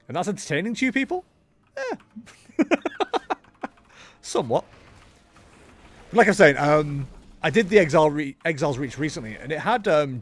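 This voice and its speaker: Man, young adult, game streamer, rambling casual chatter, jokey, bouncy expressive pitch, slightly high voice. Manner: rambling, joking, talks himself into ideas. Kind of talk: casual live-stream chatter while gaming.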